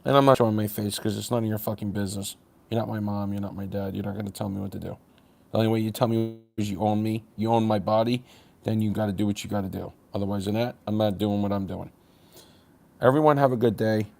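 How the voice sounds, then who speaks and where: A man's voice: fairly low pitch, fairly even intonation, fast talker, vocal fry, darkish tone. A man livestreaming to his chat, ranting bluntly and confrontationally, with sarcastic jabs at viewers.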